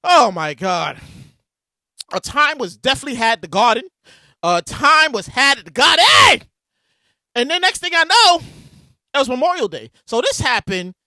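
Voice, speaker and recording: A man hosting his podcast, telling stories in a loud, animated casual monologue. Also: very high voice, normal speed, pauses often, dry recording, clean studio sound. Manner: animated, loud storytelling with bursts of shouting. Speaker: podcast host. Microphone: podcast mic with a soundboard.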